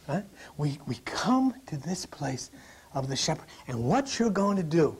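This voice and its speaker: A man preaching a lively sermon to a congregation, joking and dropping to a whisper to stress points. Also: fairly high pitch, measured pace, slight background noise. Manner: animated, jokey, drops to whispers for emphasis.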